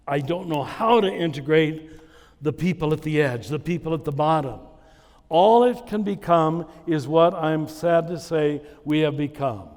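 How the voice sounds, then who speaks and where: A man giving a spiritual conference talk to a live audience. He tells stories at an unhurried pace and chuckles at his own anecdotes. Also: on the high side, a little mellow, in a large hall. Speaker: conference speaker. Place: large hall with a live audience.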